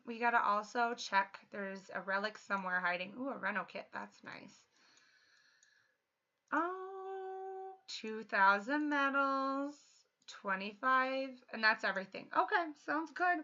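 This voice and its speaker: A young adult woman chatting casually while streaming a game, excitable and quick to laugh. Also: a little high. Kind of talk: casual livestream chat. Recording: dull lo-fi audio.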